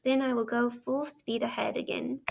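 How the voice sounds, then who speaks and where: A woman's voice: on the high side, flat delivery, moderate pace, creaky, a little mellow, slight background noise. A woman doing a plainspoken train driver. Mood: urgent. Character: kindly but stern male train engine driver.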